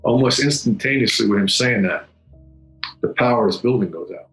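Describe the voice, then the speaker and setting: Gravelly, halting middle-aged man. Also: fairly low pitch, a bit bright. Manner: halting, repeats words, solemn. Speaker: former federal agent recounting a memory. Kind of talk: personal testimony. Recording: echoey room with faint music.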